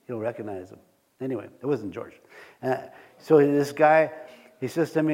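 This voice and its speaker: Animated man preaching with stories. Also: on the high side, brisk, slightly rough. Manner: animated storytelling, chuckles often, asks the congregation questions. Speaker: pastor. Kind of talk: sermon with personal stories.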